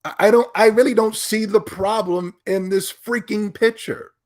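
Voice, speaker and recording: A man hosting his own podcast, talking alone in an animated, mocking, opinionated way. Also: high voice, normal speed. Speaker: podcast host. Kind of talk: casual solo rant.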